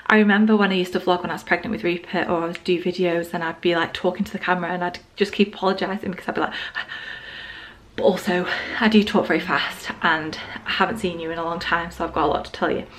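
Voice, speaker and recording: A woman's voice: fairly low pitch, steady tone, fast talker, few pauses, a little hiss or hum. A young woman chatting casually in a vlog, a bit out of breath and rambling with many fillers. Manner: rambling, full of fillers and restarts. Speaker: vlogger. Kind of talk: casual skincare vlog chat.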